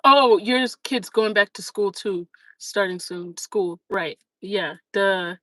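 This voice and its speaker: A woman chats straight to her viewers as a livestream host, spinning a story with lots of fillers and lively asides. Her voice is bright and forceful. The sound is close and dry, with no room around it. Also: mid-range voice, slow, dry recording, rough recording. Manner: chatty, animated, many fillers. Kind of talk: casual storytelling chat.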